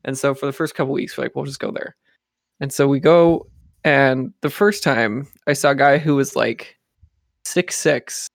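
A man's voice: medium pitch, moderate pace, gravelly, no echo, clean studio sound. A young man casually telling a rambling story among friends, with lots of fillers.

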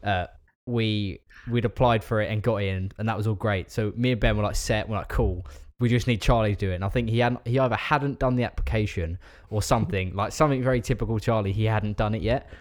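A man's voice: lowish voice, fast talker, few pauses. A young man co-hosting a podcast, teasing his friends and laughing as he tells a story. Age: young adult. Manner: teasing, laughs while telling stories. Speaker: podcast co-host. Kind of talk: casual banter, storytelling.

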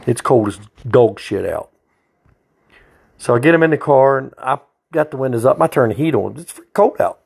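Gravelly trooper telling a story. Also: male voice, medium pitch, expressive, brisk, a little mellow. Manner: blunt, profane, folksy. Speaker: state trooper. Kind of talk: casual storytelling.

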